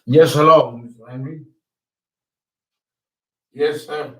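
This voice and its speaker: A man's voice: fairly high pitch, fairly even intonation, slow, fairly bright tone, low-quality recording. A man talking as an astrologer, rambling through a casual lecture with many fillers and restarts. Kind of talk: casual lecture and phone call.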